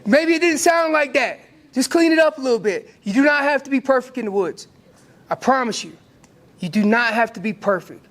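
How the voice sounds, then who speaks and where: A man with an American accent teaching an elk calling seminar, lively and acting out what the elk would say. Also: very high voice, brisk. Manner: animated, acts out elk calls and voices. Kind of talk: hunting seminar talk.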